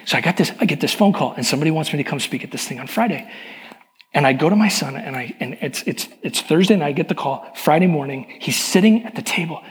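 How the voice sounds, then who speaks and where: A man's voice: fairly high pitch, expressive, quick pace. A middle-aged male pastor giving a sermon, telling personal stories in a candid, confessional way. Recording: long hall reverb.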